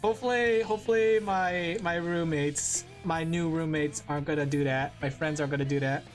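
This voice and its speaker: A woman's voice: low-pitched, steady tone, brisk, faint music behind. A woman from California chatting casually on a livestream while drawing, rambling and laughing often. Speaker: VTuber streamer.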